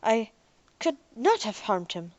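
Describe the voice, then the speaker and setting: A woman voicing a literal-minded male robot who answers in slow, measured statements. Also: a little high, big pitch swings, a little mellow, no echo, muffled recording. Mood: calm.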